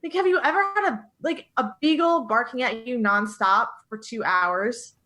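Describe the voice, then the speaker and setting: A woman dog trainer tells her stories with animated, heartfelt energy. Her voice sits a bit on the high side. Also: moderate pace. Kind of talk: casual conversational interview.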